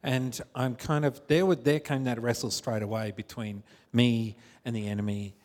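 A man telling a personal testimony, halting and rambling with many restarts. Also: mid-range voice, fairly even intonation, a little mellow. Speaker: congregation member.

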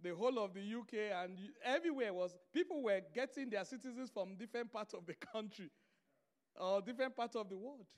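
A man's voice: high-pitched, fairly quick. A man preaching a sermon, telling stories and driving his points home through emphatic repetition.

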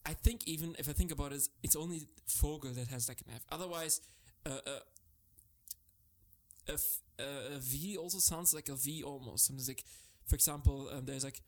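A man whose first language is German, with a somewhat high voice, chatting casually on a podcast. He laughs often and stops to search for words as he explains. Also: fairly quick. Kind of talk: casual chat.

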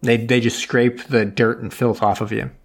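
A man's voice: mid-range voice, flat delivery, moderate pace. A man in casual chat, rambling through a movie plot and acting out the characters' lines. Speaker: podcast co-host.

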